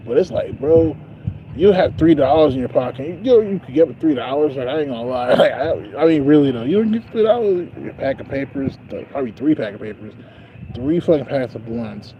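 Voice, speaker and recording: Guy, casual profane streamer storytelling, mid-pitched voice, noisy street behind him. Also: brisk, muffled recording. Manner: profane, laughing, animated storytelling. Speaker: livestreamer. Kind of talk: casual rambling monologue.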